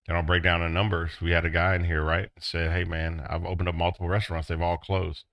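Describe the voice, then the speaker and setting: A middle-aged man teaching a business class, acting out excited quotes in a high voice. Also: quick pace, dry recording. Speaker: business instructor. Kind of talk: classroom lecture.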